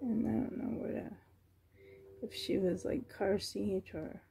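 A woman at home on the floor, showing a doll she is selling, talking softly with many ums and a little out of breath. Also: medium pitch, steady tone, a little slow, vocal fry, a little hiss or hum. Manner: soft, cooing over the doll, with many ums. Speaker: reborn doll seller. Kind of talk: casual show-and-tell vlog.

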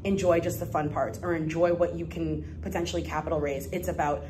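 A young adult woman, a guest entrepreneur in a casual interview, talking in an animated, effusive way with bursts of laughter. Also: deep voice, fairly quick, background noise.

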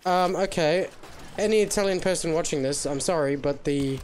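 A man's voice: fairly high pitch, normal speed, slight background noise. A young man chatting jokily while playing a video game, now and then slipping into silly voices. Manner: jokey, excitable, often slips into silly voices. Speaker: gamer host. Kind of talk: casual gaming chat.

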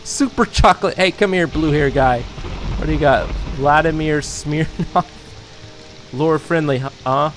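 A man giving excitable let's-play commentary, riffing as he explores a video game, with sudden jumps in pitch. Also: a little slow, slight background noise. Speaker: gaming YouTuber. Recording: game music behind.

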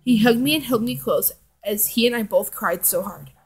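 A woman's voice: on the high side, moderate pace, breathy edge. A young woman reading her own fanfic aloud on her vlog, with chatty asides and self-corrections. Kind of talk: casual fanfic read-aloud.

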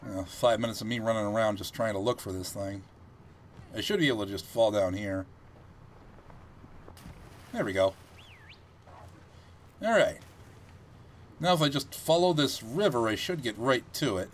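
A man giving casual gameplay commentary, chatty and thinking aloud as he plays, with animated reactions. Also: on the low side, moderate pace, pauses often, slight background noise.

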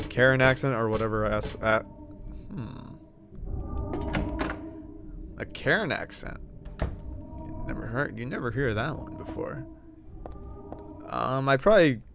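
A man streaming a horror game with jokey commentary, loud reactions and swearing. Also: medium pitch, noisy background. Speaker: gaming streamer. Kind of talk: casual let's-play commentary.

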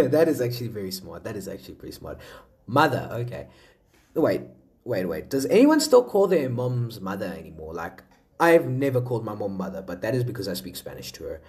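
A man's voice: lowish voice, big pitch swings, a little fast, a little mellow. A man hosting a casual reaction video, exclaiming and repeating himself while chatting to his viewers. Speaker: video host.

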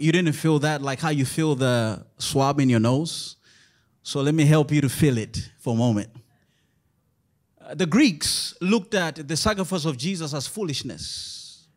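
Here a man gives a church sermon as pastor, his delivery swinging between loud shouts and hushed, low-pitched moments.

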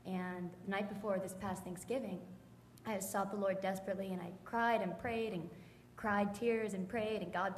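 A woman's voice: medium pitch, a little mellow, long reverb tail, slight background noise, poor audio. A woman giving an earnest personal testimony to a church congregation. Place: church hall.

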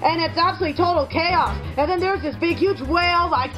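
A female voice telling an improvised adventure story in an excitable, rambling way, with homemade sound effects. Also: very high voice, fairly quick, loud music behind the voice, poor audio. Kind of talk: improvised toy story narration.

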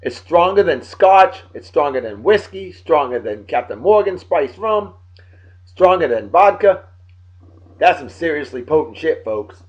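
A man's voice: on the high side, sing-song, measured pace. Brash joking man, dull lo-fi audio. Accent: Texan. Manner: brash, jokey, hyped patter. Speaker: beer show host. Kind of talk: casual beer review vlog. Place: home desk by a computer.

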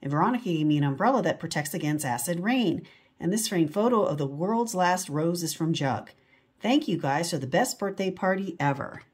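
A woman's voice: fairly low pitch, animated, a little fast, breathy edge. A woman reading a comic book aloud in a casual, amused way, adding chatty asides between panels.

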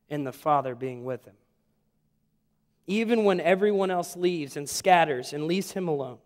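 A man, preaching a sermon with folksy joking asides. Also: on the high side. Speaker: pastor. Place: church sanctuary. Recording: long hall reverb.

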